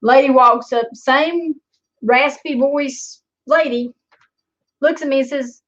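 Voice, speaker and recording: A woman's voice: high-pitched, slow, fairly bright tone. A woman telling a story in a rambling, sarcastic way and swearing often, in a slightly dull lo-fi recording. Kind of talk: casual storytelling vlog.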